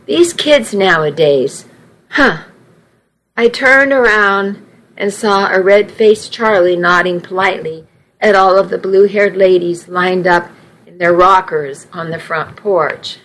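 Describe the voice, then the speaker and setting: A woman narrating a first-person story in an earnest, expressive way. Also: mid-range voice, a little slow, low-quality recording.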